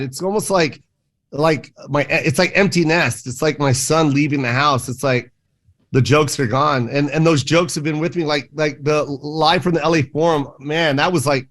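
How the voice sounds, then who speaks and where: A man with a high voice talks as a guest on a morning radio show. He tells stories in an animated, emphatic way. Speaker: comedian guest. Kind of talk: casual radio interview chat.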